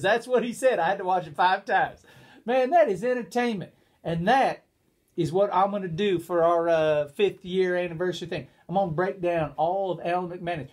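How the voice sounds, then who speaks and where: A man co-hosting a casual chat show, talking in an animated, rambling way. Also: sits high, brisk. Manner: animated, rambling, lapses into put-on quotes. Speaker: co-host.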